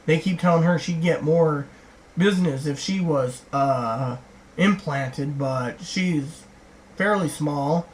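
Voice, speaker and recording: A woman's voice: deep voice, slow pace, darkish tone, poor audio. A middle-aged woman vlogging a long, rambling reply to viewer comments, retelling conversations and acting out other people's lines. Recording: faint background hiss.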